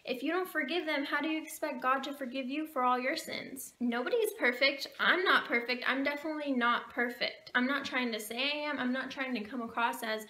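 A woman's voice: sits high, fairly quick, hardly any pauses, sharp tone. A young woman vlogger talking earnestly and emotionally to her viewers, preaching forgiveness in a heartfelt way. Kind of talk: heartfelt talk to camera. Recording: echoey room with faint background noise.

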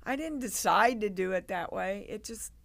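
A woman, a guest on an interview show, telling stories in an animated way and acting out the people in them. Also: mid-range voice, normal speed, gravelly. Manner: animated, acts out quoted people. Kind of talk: casual interview storytelling.

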